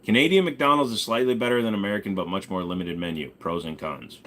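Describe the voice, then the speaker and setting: A man's voice: fairly low pitch, fast talker, fairly bright tone. A man hosting a casual ask-me-anything livestream, joking, swearing and reading chat while bidding on items. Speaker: streamer host.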